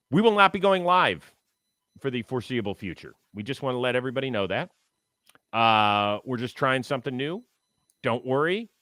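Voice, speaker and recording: A man's voice: medium pitch, fairly bright tone, dry recording, clean studio sound. A middle-aged man hosting a casual baseball talk show, chatty and jokey as he talks to his co-host and viewers.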